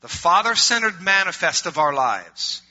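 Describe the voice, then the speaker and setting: A middle-aged male pastor preaching a sermon, swinging from loud emphatic preaching to quiet conversational asides. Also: high voice, big pitch swings, normal speed. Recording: muffled lo-fi recording.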